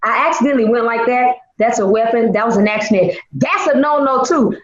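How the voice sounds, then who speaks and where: A woman presenting a children's church lesson with a playful, theatrical, expressive manner. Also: a little high, fairly quick, reverberant, dull audio.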